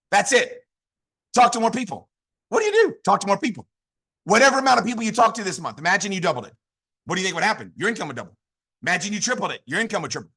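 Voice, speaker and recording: A man's voice: a little high, bright, forceful tone. A man giving a fired-up motivational training talk, repeating lines and firing questions at his audience. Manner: fired-up, repetitive, call-and-response. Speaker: network marketing leader.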